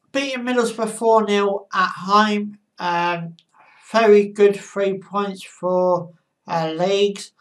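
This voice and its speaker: A woman talks through her football match predictions at a slow, unhurried pace, stopping often to gather her thoughts. Her voice sits at a mid pitch and sounds slightly distant from the microphone. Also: fairly bright tone. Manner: halting, with frequent pauses and fillers. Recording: voice a bit far from the mic.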